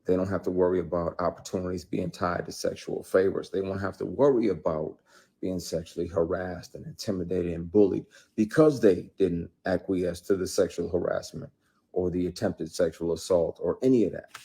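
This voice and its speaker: A man's voice: deep voice, fairly even intonation, normal speed, mellow, slightly rough. A man, an actor, talking unscripted to his viewers in a heated, blunt and profane way, hammering points with repeats. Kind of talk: unscripted live-stream talk to viewers.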